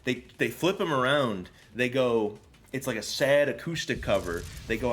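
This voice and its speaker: A man's voice: mid-range voice, normal speed, fairly bright tone. A young American man hosting a casual stream chat, joking, laughing and swearing freely. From United States. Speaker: streamer host.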